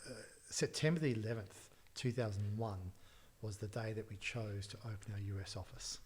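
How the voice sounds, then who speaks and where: A man telling a lively story. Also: fairly low pitch, moderate pace, a little hiss or hum. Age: middle-aged. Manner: animated anecdotes with frequent laughs and restarts. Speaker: interview guest, tech entrepreneur. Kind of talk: casual storytelling in a podcast interview.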